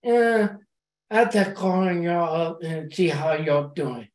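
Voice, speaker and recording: Woman sharing at a meeting; very slow, halting delivery, encouraging tone, echoing room. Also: on the low side, animated. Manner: halting, repeats words on restarts; warm, encouraging. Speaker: recovery meeting member. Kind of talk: sharing at a support group meeting.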